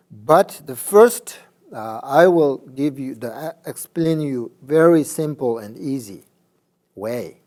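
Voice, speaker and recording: A man giving a Buddhist dharma teaching, halting with many fillers and often checking that listeners understand. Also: mid-range voice, warm tone.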